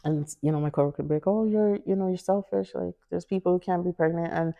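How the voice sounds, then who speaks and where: A woman with a somewhat low voice tells a personal story to an interviewer. She is animated, leaning into each quoted line and laughing between them. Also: quick pace, vocal fry. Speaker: interview guest.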